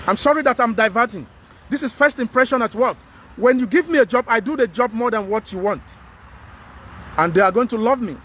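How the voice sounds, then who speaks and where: A man with a Nigerian English accent vlogs to camera in a frank, earnest monologue, often repeating himself to drive a point home. His voice is extremely high, pushed and bright, with a little hiss or hum.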